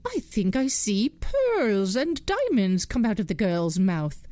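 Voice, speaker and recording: A woman's voice: medium pitch, huge pitch swings, takes it slowly, dark tone, dry recording. A woman doing a harsh, demanding storybook mother. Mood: eager. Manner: exclaiming and demanding. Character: vain, harsh mother of two daughters.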